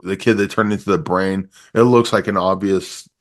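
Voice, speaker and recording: A man's voice: deep voice, steady tone, moderate pace. A man reviewing a movie in casual chat, rambling and laughing often as he acts out scenes.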